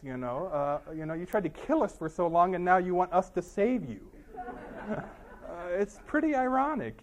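Wry storytelling man with a high voice. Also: slight background noise. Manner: wry, dry comic delivery with frequent "you know" and restarts. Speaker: author giving a talk. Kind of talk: humorous storytelling talk.

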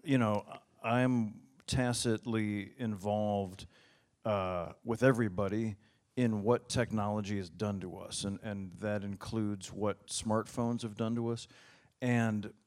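A man in casual conversation, speaking haltingly with many restarts and dry humor. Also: lowish voice, fairly even intonation, darkish tone. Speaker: guest.

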